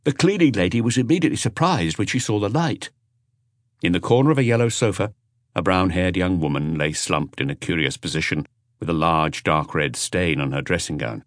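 A man narrating an audiobook in an expressive storytelling manner. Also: low voice, a little fast, dry recording, studio quality. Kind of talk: scripted narration.

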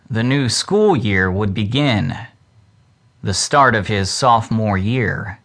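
A man narrating a children's book as an audiobook in a slow, measured reading. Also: fairly low pitch. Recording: loud steady hiss.

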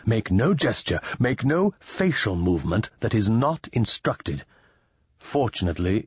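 A man's voice: on the low side, darkish tone, husky, dry recording, highs cut off, heavily acted. A man voicing an anxious male diplomat in an audiobook, speaking shakily and lecturing in a tense, raised voice.

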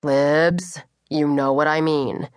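A woman's voice: low-pitched, steady tone, slow, no echo. A woman voicing an adult man, a joking and dramatic twin brother who teases his sister. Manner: teasing, theatrical. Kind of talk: audiobook character voice. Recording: dry studio.

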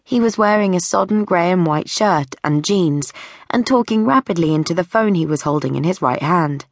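A woman narrating a novel in a measured, wry storytelling manner. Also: lowish voice, expressive, no room sound, clean studio sound. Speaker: audiobook narrator. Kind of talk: scripted audiobook narration.

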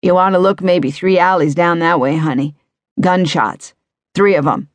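A woman's voice: on the low side, normal speed, dry recording, close to an everyday voice. A woman voicing a blunt, offhand seventy-year-old woman who lives on the street. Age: 70s. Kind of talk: audiobook character voice.

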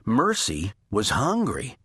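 A man narrating a children's storybook in a gentle, deliberate storytelling manner. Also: lowish voice, huge pitch swings, breathy edge, no room sound. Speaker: audiobook narrator.

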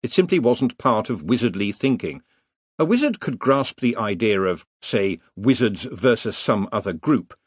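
A man's voice: on the low side, expressive, moderate pace, husky, dry recording. A man narrating an audiobook in a wry, dry comic storytelling manner. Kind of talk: scripted narration.

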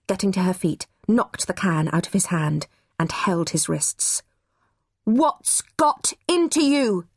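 A woman narrating a children's novel as an audiobook, in measured, expressive storytelling. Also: lowish voice, breathy edge, no room sound, studio quality.

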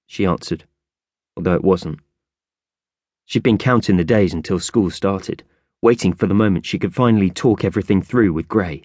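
A man narrating a children's audiobook with expressive storytelling. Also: deep voice, moderate pace, no echo. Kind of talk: scripted narration.

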